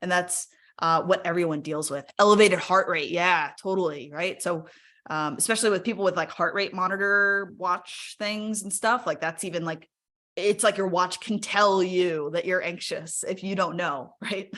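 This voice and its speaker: Woman webinar speaker, slightly low voice, chatty and encouraging, lots of "right?" and "like". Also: fairly even intonation, moderate pace, sharp tone. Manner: encouraging, invites audience to use the chat. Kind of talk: casual live webinar talk.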